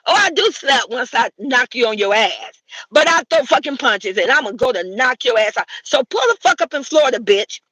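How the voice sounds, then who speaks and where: Loud-mouthed 60s lady, trash-talking rant, high bright voice, pitch all over the place. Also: lively intonation, a little fast, husky, dry recording, low-quality recording. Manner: brash, swearing, trash-talking. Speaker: commentary vlogger. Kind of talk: heated profane rant to camera.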